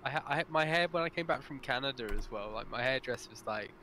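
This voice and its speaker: A man's voice: medium pitch, quick pace, slight background noise. A man from Wales chatting while gaming, telling stories with swearing and frequent laughs. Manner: lively storytelling, swearing, laughing often. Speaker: gamer in voice chat. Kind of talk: casual chat.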